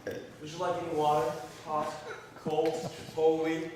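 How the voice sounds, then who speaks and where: A man playing a soft-spoken police officer in a stage comedy, calm and coaxing as he questions people. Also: a little high, unhurried, natural voice. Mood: soothing. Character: mild-mannered male police officer, soothing. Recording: echoey hall, far from mic, background noise.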